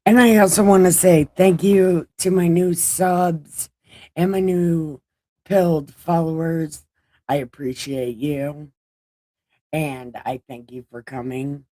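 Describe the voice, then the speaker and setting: Woman with a runny nose, slow-paced and irreverent, reads scripture on a stream; dry, close recording. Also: low-pitched, steady tone, dark tone, dry recording. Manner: jokey, irreverent, swears casually. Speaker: online Bible reader. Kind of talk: casual livestream scripture reading.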